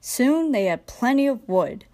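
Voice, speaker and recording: A young woman narrating a children's train storybook in a gentle, expressive read-aloud manner. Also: high voice, unhurried. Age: young adult. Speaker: storybook reader.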